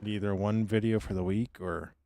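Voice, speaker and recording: A hoarse man streaming a game, rambling casually to himself and his chat and now and then dropping into a whisper. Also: lowish voice, fairly even intonation, normal speed, dark tone, dry recording, studio quality. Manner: drifts into whispering. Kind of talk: casual live gameplay commentary.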